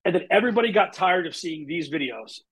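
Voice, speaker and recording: A man with a husky, slightly breathy voice, guesting on a podcast as a sales coach. He speaks energetically and acts out little examples. His pitch sits a bit high for a man. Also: animated, fast talker, fairly bright tone. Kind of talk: casual podcast interview.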